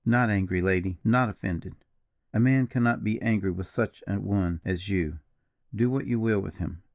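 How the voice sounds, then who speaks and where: A man reading a brooding, gravelly partisan officer. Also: fairly low pitch, no room sound, lo-fi sound. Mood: gentle. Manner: slow, mournful, measured. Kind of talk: audiobook character reading.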